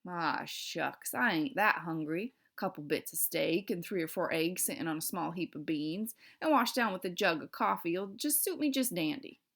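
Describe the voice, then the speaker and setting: Woman putting on a soft-hearted drawling cowboy. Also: lowish voice, animated, moderate pace, few pauses. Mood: bashful. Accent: Southern US. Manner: drawling folksy talk. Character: timid soft-hearted cowboy man, easily tearful.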